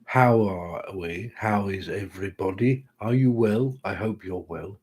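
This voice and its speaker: A man's voice: fairly low pitch, a little slow, a little mellow, breathy edge. A British man hosting a live tarot-reading stream, chatting casually with dry, self-mocking humour. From Britain. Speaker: tarot reader host.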